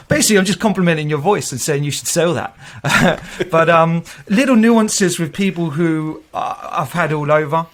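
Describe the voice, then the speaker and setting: A man's voice: a little high, slight background noise. A man in his thirties, a tech recruiter being interviewed, telling stories in a loose, chatty way and often laughing and acting out what people said. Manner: chatty, laughs often, acts out quoted voices. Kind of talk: casual interview storytelling.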